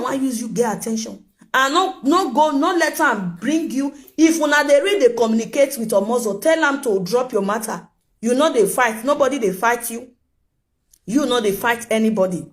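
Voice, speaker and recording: A woman with a Nigerian accent giving casual gossip commentary, emphatic and full of rhetorical questions to her viewers. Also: sits high. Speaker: gossip vlogger.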